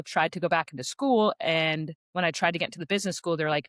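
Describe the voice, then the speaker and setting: A woman in her thirties, a podcast guest telling her story in a casual, chatty way, full of "like" fillers and quick asides. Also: low-pitched, no echo, studio quality. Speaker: podcast guest, sales rep.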